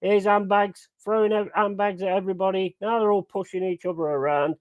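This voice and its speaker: A man chatting casually and excitedly over a live match, swearing freely and rambling through stories. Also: high-pitched, brisk, dull audio. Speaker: watch-along streamer.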